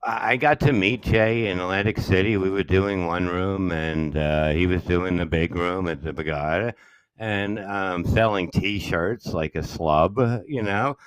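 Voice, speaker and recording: A middle-aged man with a fairly low voice tells a rambling story on a podcast. He slips into the voices of the people he quotes, and the sound is close and dry. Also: measured pace, clean tone, no echo. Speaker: podcast host. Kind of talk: casual chat.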